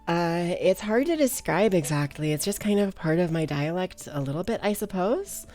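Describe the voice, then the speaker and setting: A woman's voice: lowish voice, animated, normal speed, a little mellow. A young woman with a slight Valley Girl accent, chatting casually with her live stream viewers, bubbly and giggly as she greets them by name.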